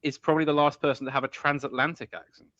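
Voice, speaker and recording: Fast-talking man, casual chat, mid pitch, laughs a lot, dry close sound. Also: fairly even intonation, fairly bright tone, dry recording, highs cut off. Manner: chatty, laughs often, enjoys mimicking voices.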